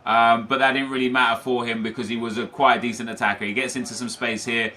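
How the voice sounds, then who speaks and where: A man's voice: medium pitch, level tone, fast, bright, forceful tone. A young man giving casual play-by-play commentary over his own football video game matches, chatty with frequent fillers. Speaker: gaming commentator.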